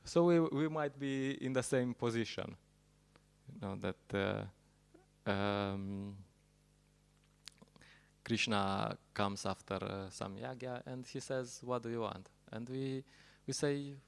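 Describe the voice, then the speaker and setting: A man giving a sermon at a temple program, telling stories in a halting way and laughing at his own jokes. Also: medium pitch, creaky, smooth.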